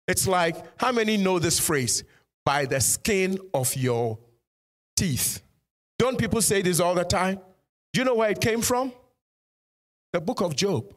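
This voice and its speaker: A man preaching a sermon as pastor, punctuating points with "Amen" and putting direct questions to his congregation. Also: high voice.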